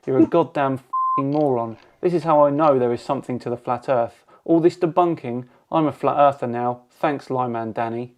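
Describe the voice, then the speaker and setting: A man's voice: mid-range voice, normal speed. A man from England hosting a channel, reading hostile viewer comments aloud with dry, sarcastic replies.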